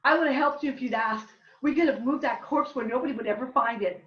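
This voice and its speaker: A woman reading as a shocked older woman friend who quietly asks question after question. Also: high-pitched, quick pace, voice pushed up, close to an everyday voice. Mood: stunned. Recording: distant roomy dull live recording.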